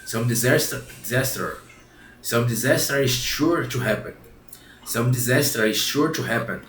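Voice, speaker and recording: A man voicing a hoarse, preachy male crab who scolds a gang of boys, read in a room with some echo and faint hiss. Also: mid-range voice, moderate pace, a bit bright, close to an everyday voice. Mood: scolding.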